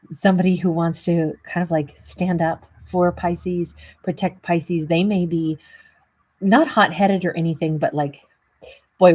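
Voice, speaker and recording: Wheezy, husky woman giving a rambling tarot reading. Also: sits low, a little mellow. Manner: rambling, heavy with fillers. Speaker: tarot reader.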